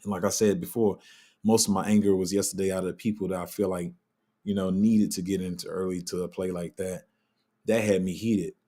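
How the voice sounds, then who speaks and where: A man's voice: sits low, fairly even intonation, fairly quick, mellow. A man hosting a casual live crypto Q&A, answering chat in a loose, candid way and trailing off while he looks things up. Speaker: crypto livestream host.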